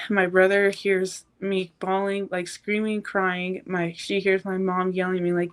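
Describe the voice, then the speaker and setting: An eighteen-year-old woman, a podcast guest, telling a painful personal story in a halting, emotional way. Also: on the low side, level tone.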